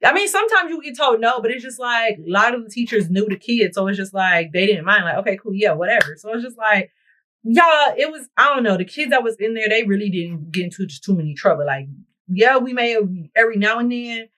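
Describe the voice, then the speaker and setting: Young woman vlogger, expressive storyteller, mid-range voice, chatty get-ready-with-me delivery. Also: medium pitch, brisk, rough recording. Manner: dramatic, animated, talks straight to viewers. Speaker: beauty vlogger. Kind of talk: storytime chat while getting ready. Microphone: camera mic while doing her makeup.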